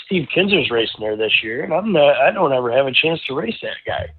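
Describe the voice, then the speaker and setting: A middle-aged man, a guest racing driver, telling a rambling, animated anecdote in casual conversation, full of restarts. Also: mid-range voice, fairly quick. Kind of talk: casual storytelling. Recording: tinny phone-like line.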